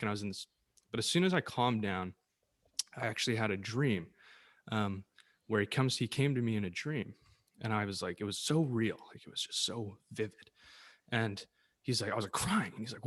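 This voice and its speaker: A man with a lowish voice chats earnestly, looping around his point with lots of "like"s and restarts. It sounds relaxed and unscripted, like a casual podcast conversation. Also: brisk. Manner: earnest and rambling, many "like"s.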